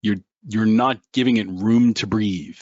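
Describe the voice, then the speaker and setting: A man hosting a live trading webinar, joking and animated as he talks to viewers by name. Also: fairly low pitch, a little slow, no room sound. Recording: dull lo-fi webinar audio.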